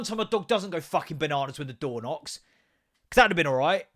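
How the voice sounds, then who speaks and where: Slightly high-pitched and fairly quick, the man is hosting a podcast and spinning a story as a loose, profanity-laden rant. He keeps it animated, imitating voices as he recounts anecdotes.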